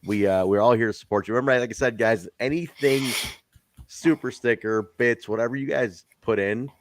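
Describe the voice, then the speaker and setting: A man hosting a casual live-stream podcast chat, animated, swearing and joking with his co-host. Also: medium pitch, fairly quick.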